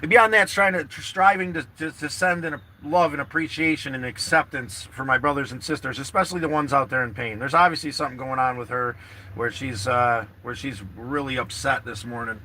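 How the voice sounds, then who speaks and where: A man's voice: medium pitch, fairly quick, sharp tone, a little hiss or hum. A man chatting casually to livestream viewers from his parked car, rambling and earnest, repeating himself and swearing freely. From New York State.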